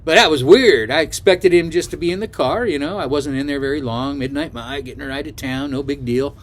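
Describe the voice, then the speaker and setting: A man's voice: a little high, fairly quick, slight background noise. An older man telling a story to camera in a casual, rambling way, full of asides and fillers. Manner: rambling, chatty, full of asides and "you know". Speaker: travel vlogger.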